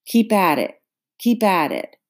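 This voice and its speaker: Woman reading as a mean slave catcher guy, slow lazy drawl, low voice. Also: lively intonation, a little mellow. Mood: excited. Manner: slow, drawling rural speech. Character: menacing male slave catcher, greedy and cruel.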